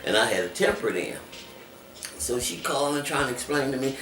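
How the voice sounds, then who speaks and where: A man telling his life story in an interview, animated and acting out other people's voices as he talks. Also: on the high side, fairly quick, a little hiss or hum. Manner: animated, acts out voices in quotes. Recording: echoey room, distant mic, music behind.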